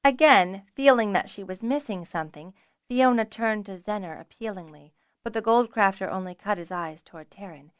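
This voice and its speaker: A woman narrating a fantasy audiobook in an even, measured storytelling voice. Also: on the low side, no echo, clean studio sound.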